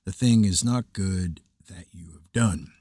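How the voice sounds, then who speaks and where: A man reading the part of an eldest brother sternly rebuking his siblings, in a husky low voice. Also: a little slow, warm tone, no room sound, clean studio sound. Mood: reproachful. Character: reproachful eldest brother scolding the others.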